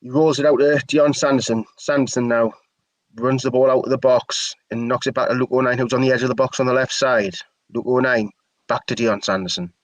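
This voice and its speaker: A man's voice: mid-range voice, fairly even intonation, a little fast, dry recording, poor audio. A man giving chatty, opinionated live play-by-play commentary for a fan stream. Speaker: match commentator.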